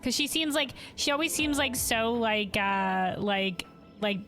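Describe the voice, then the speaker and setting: A woman's voice: fairly high pitch, expressive, a little slow, a bit bright, faint music behind. A woman streamer chatting casually and laughing as she plays. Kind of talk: casual gameplay commentary.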